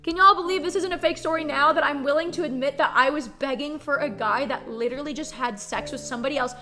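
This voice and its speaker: A young woman streamer telling a story in a casual, animated and profane way, full of "like". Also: high voice, fast, faint music behind.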